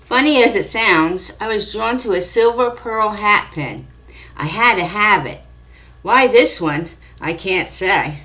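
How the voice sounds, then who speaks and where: Calm woman narrating a mystery story. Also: medium pitch, unhurried. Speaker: author and narrator.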